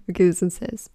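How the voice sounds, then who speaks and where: This teenage podcast host runs a casual solo show, reading texts aloud in a giggly, blunt way and swearing freely. Her voice is mellow, with no room sound at all.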